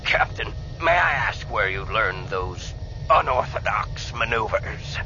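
A man voicing a scheming giant slug crime lord, speaking in a slow, low grumble. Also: animated, sharp tone, slight background noise, exaggerated voice. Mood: menacing. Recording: dull lo-fi audiobook recording.

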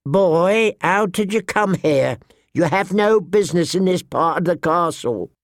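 A man's voice: high-pitched, expressive, a little slow, no echo, clean studio sound, pitched above the performer's own voice. A man voicing a stern old woman septa who scolds and demands answers in a raised voice. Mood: scolding.

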